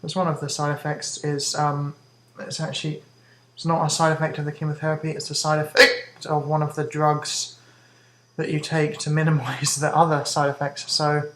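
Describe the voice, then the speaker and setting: A woman vlogger gives a hesitant health update to camera, hiccuping, talking fast and casually, with many ums and restarts. Her deep voice is flat in delivery and a bit bright, and the audio is poor.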